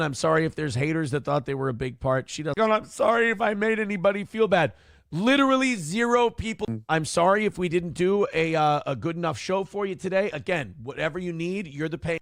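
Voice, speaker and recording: A man's voice: on the high side, vocal fry, dry recording, studio quality. A man hosting a live-streamed morning talk show, sarcastic and combative, over and over saying he is sorry. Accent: Upper Midwest American. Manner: repeatedly apologizing, sarcastic and combative.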